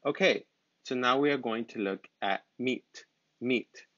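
A man teaching basic English vocabulary, speaking slowly with simple words and repeating each word patiently. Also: medium pitch, a bit bright, dry recording. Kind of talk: slow, simple vocabulary lesson. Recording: dull, lo-fi sound.

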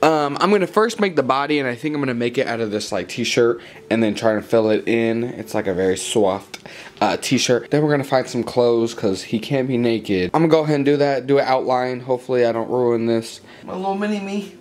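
A young man chatting excitedly while he makes a craft project in a casual vlog. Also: mid-range voice, a little fast. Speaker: craft vlogger.

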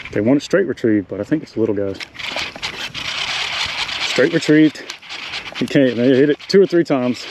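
A man, chatting excitedly to the camera while fishing in a marsh from a small boat. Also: medium pitch, noisy background. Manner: excitable, talks to the animals and the viewers. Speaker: fishing vlogger. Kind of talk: casual running commentary while fishing. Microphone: action camera mic.

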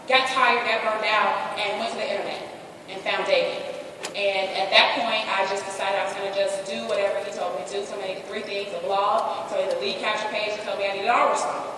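A woman's voice: mid-range voice, a bit bright. A woman giving a candid, joking motivational talk to a live audience at a business event. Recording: echoey hall, distant mic, background noise.

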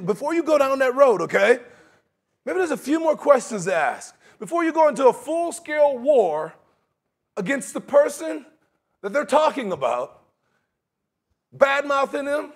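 Animated man preaching a sermon. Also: very high voice. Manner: animated, conversational preaching with acted-out quotes and laughter.

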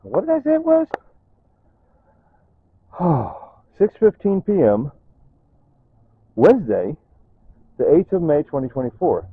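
An older man vlogging casually at home, excitedly showing his tomato plants and repeating exclamations, filmed on a camera held close. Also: fairly high pitch, slow pace, pauses often, breathy edge, no room sound. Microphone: phone camera held close. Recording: dry tinny phone-like audio.

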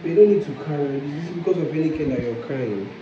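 A man's voice: a little high, animated, fast. Coaxing man. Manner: coaxing, soothing, pleading. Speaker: husband. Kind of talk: casual late-night talk. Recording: echoey, muffled phone video with loud noise.

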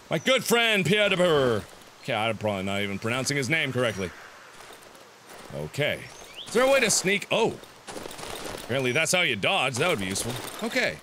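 Male let's-play host, twenties, high and lively voice, jumpy, yelps at scares, noisy game audio underneath. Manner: jumpy, yelps and shouts when startled, talks to the game. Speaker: gameplay commentator.

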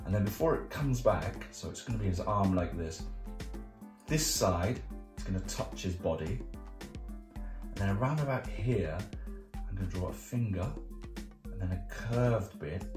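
A man's voice: low voice, lively intonation, measured pace, pauses often. A man hosting a children's art club, explaining each drawing step in a chatty, playful, jokey way. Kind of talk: drawing tutorial for kids. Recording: roomy sound with faint music.

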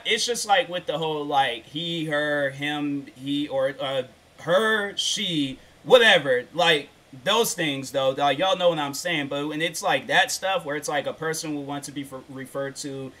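Bright-voiced man in a rambling rant. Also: fairly high pitch, moderate pace. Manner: rambling, slangy, full of "like" and restarts; emphatic, insistent when making a point. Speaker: YouTuber. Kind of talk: casual rant.

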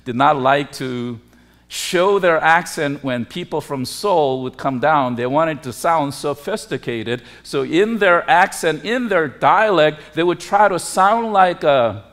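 A pastor delivers a sermon in a high voice, taking his time over each phrase. His preaching is emphatic, climbing to forceful peaks on key words before dropping low and quiet. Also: expressive, slow. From lived in Korea.

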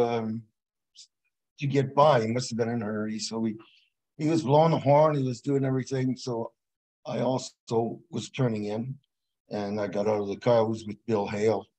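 Husky-voiced laid-back male storyteller. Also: medium pitch, mellow, rough recording. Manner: laid-back storyteller, laughs at his own tale. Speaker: guest martial arts instructor. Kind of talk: casual chat.

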